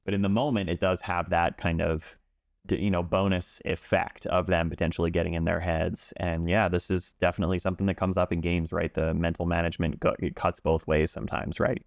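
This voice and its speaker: A man working as a pool instructor, explaining calmly and in measured terms during an interview. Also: deep voice, creaky, no room sound, clean studio sound. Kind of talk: interview talk.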